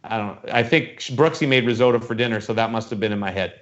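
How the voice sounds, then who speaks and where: A man's voice: fairly low pitch, fast talker, a bit bright. Rambling male podcast host, lo-fi sound. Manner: rambling storyteller acting out voices. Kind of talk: casual chat, telling a dream story. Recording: dull lo-fi sound.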